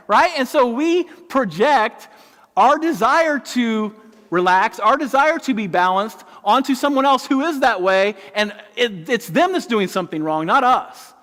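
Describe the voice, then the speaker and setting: A middle-aged man pastor preaching a sermon, telling a story in an animated way. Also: very high-pitched, measured pace. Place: large church auditorium. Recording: long reverb in a large hall.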